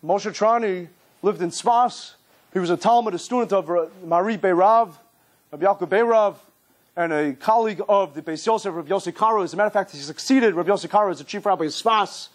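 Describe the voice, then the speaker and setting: High-voiced, emphatic man giving a sermon. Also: a little fast. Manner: animated storyteller, emphatic repetition. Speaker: rabbi. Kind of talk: sermon-style lecture.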